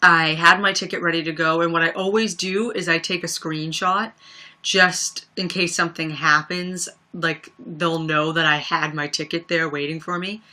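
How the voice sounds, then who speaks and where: A woman's voice: lowish voice, steady tone, normal speed, sharp tone. A young woman chatting casually on a livestream, telling stories with lots of fillers and laughs. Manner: chatty storyteller, many fillers, laughs often. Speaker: livestream host. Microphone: webcam or phone mic.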